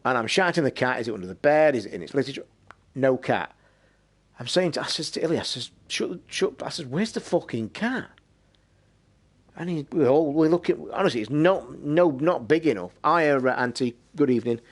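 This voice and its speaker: A man in his forties spins a long tale from his younger days on a podcast. His voice sits at an ordinary middle pitch, and he talks casually and animatedly, swearing freely as he goes. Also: fast talker. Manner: sweary, animated anecdote-telling. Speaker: podcast host. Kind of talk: casual storytelling.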